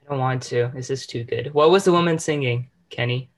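A man's voice: medium pitch, a little fast. A teenage boy hosting a casual chat, teasing his friends and laughing often. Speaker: podcast host.

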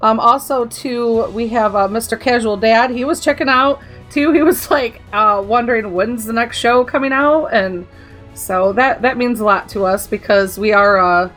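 A woman's voice: fairly high pitch, normal speed, a bit bright, soft background music. A woman co-hosting a gaming podcast, chatting casually with a rambling, giggly manner. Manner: giggly, rambling, laughs often. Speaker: podcast co-host. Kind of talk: casual chat.

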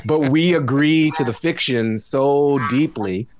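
There's crowd noise behind this medium-pitched, slightly slow man, a tired podcast guest speaking casually from home on a studio microphone. He mixes reflective asides with jokes and laughs often.

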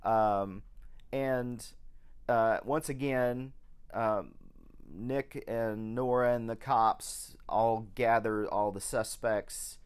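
A man co-hosting a podcast, chatting casually about an old film in a hesitant way, with many pauses and restarts. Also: fairly low pitch, fairly even intonation, smooth. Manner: slow, hesitant, full of ums and restarts. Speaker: podcast co-host.

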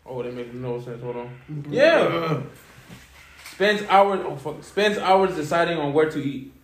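A man with a slightly high voice that swings animatedly chats and teases in casual podcast banter. The room is echoey, and background noise is clearly heard. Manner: animated, swearing, quick to tease. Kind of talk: casual banter among friends.

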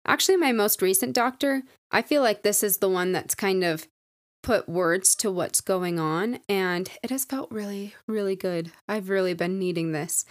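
A young woman in her twenties talks through a personal story on her own podcast, candid and reflective, her sentences loose and full of "like." Her voice sits at an everyday middle pitch. The recording is close and dry, with no room sound. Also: moderate pace, no echo. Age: 20s. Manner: candid, reflective, filler-heavy with lots of "like". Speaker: podcast host. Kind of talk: casual solo podcast storytelling.

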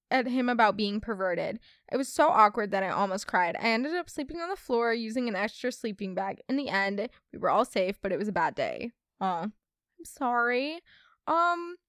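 A young woman hosting a casual storytime podcast, chatty and expressive, reading listener stories aloud. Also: mid-range voice, no room sound, studio quality. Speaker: podcast host.

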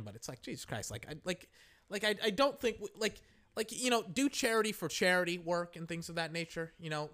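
A man rambles through casual live reactions to a football game, excitedly calling each play as it unfolds. His voice sits on the high side.

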